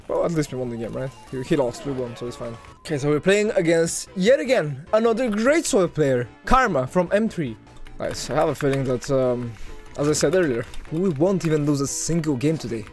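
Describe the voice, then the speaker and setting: A man giving excitable live commentary over his own gameplay, talking to his viewers and swinging from loud hype to low muttering. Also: fairly quick, soft background music. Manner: talks to viewers as "guys". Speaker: gaming video creator.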